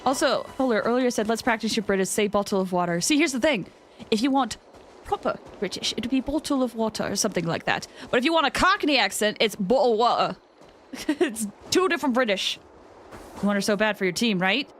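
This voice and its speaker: A woman's voice: fairly high pitch, lively intonation, fast, a bit bright, slight background noise. A woman streamer giving casual, chatty commentary while playing, gushing and laughing often. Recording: game music under the voice.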